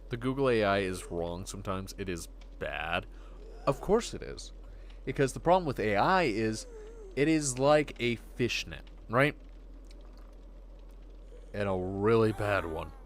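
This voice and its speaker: A man hosting a livestream, rambling in casual chat and acting out quick voices when quoting. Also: fairly low pitch, fairly bright tone, slight background noise. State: getting hiccups. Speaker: livestream host.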